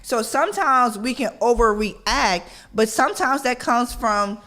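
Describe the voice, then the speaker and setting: A middle-aged woman hosting a parenting radio show in a casual, conversational way. She keeps checking in with "right?" and acts out her own yelling. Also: on the high side, a little slow. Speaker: podcast host. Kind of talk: casual talk-radio monologue.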